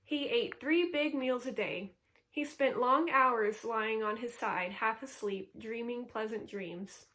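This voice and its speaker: A woman with a fairly high voice reads a children's novel aloud. She narrates in a calm, steady way, in the manner of a storybook read-aloud. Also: slow. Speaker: reader. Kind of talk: reading a children's book aloud.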